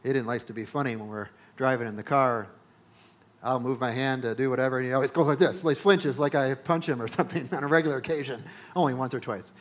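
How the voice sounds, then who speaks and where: A male pastor preaching a sermon, emphatic, repeating phrases and building to loud peaks. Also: medium pitch, fast.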